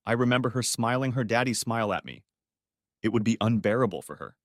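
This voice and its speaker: Expressive male story narrator. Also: medium pitch, quick pace, no room sound, clean studio sound. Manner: expressive, emotional first-person telling. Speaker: audiobook narrator.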